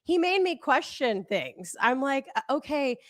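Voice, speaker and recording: A woman co-hosting a casual pop-culture podcast, gushing in halting, emphatic bursts. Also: high voice, very animated, fairly bright tone, no room sound. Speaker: podcast co-host.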